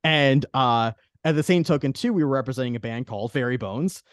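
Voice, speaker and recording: A man's voice: medium pitch, brisk, dry recording, clean studio sound. A man hosting a podcast in casual chat, rambling with many restarts. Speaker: podcast host.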